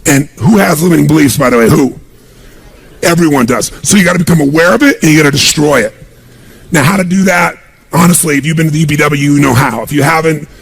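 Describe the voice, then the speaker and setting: A man's voice: fairly high pitch, gravelly. A man giving a live motivational seminar speech, speaking emphatically and quizzing the crowd with call-and-response questions.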